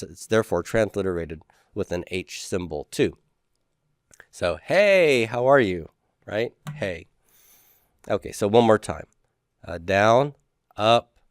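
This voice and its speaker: A man with a fairly low voice teaches a class, recorded dry with clean studio sound. Speaking casually in this classroom lecture, he repeats letter names for students to say back.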